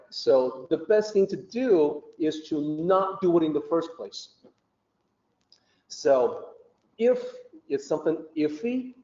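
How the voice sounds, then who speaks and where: A man with a warm, mellow voice that sits a little high, talking a listener through ideas patiently and conversationally. The recording is muffled and echoes around the room. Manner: patient, conversational, with many fillers. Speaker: teacher of Taoist philosophy. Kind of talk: explanatory podcast talk. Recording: muffled and roomy.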